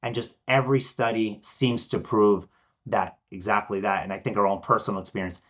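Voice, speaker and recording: A man's voice: fairly low pitch, fairly quick, highs cut off. A man from Argentina, a podcast guest, telling stories with energy and acting out the people he quotes. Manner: animated storyteller, acts out quoted voices. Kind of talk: podcast interview.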